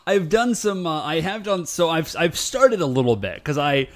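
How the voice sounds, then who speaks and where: A man co-hosting a podcast in casual chat, animated and rambling, full of fillers. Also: fairly high pitch, normal speed. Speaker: podcast co-host.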